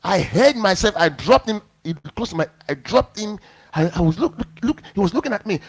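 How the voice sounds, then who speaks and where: A man's voice: high voice, brisk, husky. A male pastor preaching a sermon, telling a personal story and acting out the lines of the people in it. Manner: animated storyteller acting out quotes.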